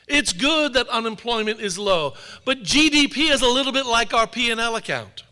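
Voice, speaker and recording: A man's voice: extremely high pitch, animated, moderate pace, pushed and bright. A man who is an author giving a public talk to an audience, telling wry anecdotes. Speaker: author and speaker. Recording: long hall reverb.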